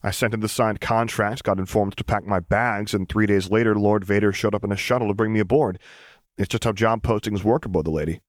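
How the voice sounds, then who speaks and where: A man reading an audiobook voices a cheerful, mischievous young man with a bright, teasing delivery. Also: fairly low pitch, fairly even intonation, brisk, dry recording, studio quality, lightly acted. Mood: easygoing.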